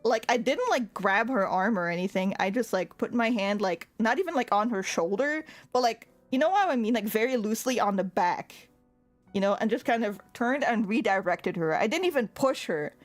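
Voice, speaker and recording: A young woman tells a work story in an animated, chatty way, and her voice sits a little high. She laughs often, swears when annoyed and leans on "like" as she talks. Soft music plays faintly behind her. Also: moderate pace. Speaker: streamer. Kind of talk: casual storytelling chat.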